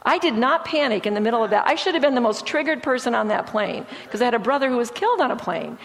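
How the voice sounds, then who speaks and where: A woman giving a sermon-style testimony, telling stories in a lively way and acting out what people said. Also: a little high, quick pace, vocal fry. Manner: lively storytelling, acting out quoted speech. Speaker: speaker sharing testimony. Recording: long hall reverb.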